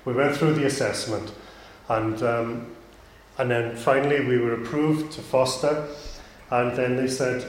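A man's voice: medium pitch, fairly even intonation, measured pace, a little hiss or hum. Echoey man preaching a sermon. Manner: plain conversational preaching with asides and restarts. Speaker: pastor. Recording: echoey room.

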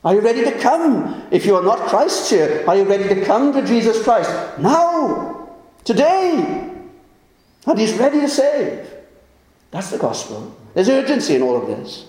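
A man delivers a sermon in a high but mellow voice, pressing his listeners with earnest urgency. He slows right down to quote scripture. The hall around him rings with heavy echo. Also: sing-song. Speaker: preacher.

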